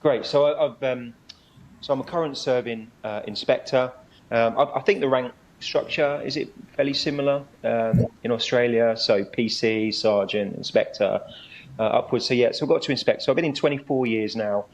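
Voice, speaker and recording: Cop guest on a video call, friendly and agreeable, bit dull and lo-fi, faint hiss. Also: male voice, mid-range voice, moderate pace. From United Kingdom. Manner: friendly, affirming, hesitant with ums. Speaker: guest police inspector. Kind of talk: casual interview chat.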